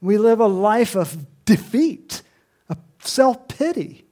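A preacher delivering an animated sermon, swinging between hushed and loud passages. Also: medium pitch, slow pace.

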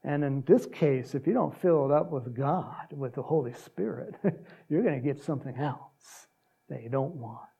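Pastor, male, husky and gravelly, very lively pitch, casual animated preaching. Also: normal speed, dull audio. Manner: animated, acts out quotes with big pitch jumps and laughs. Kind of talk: sermon.

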